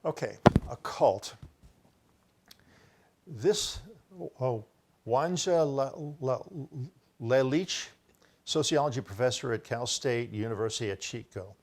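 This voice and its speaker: A man's voice: mid-range voice, lively intonation, takes it slowly, long pauses. An older man giving a rambling solo talk, presenting his own research and often correcting himself as he insists he was first with an idea. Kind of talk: solo lecture to camera, showing book pages.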